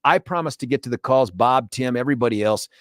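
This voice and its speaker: A middle-aged man hosting a talk radio show, animated and jokey, chatting into a studio microphone. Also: mid-range voice, dry recording. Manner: animated, jokey, does quick impressions.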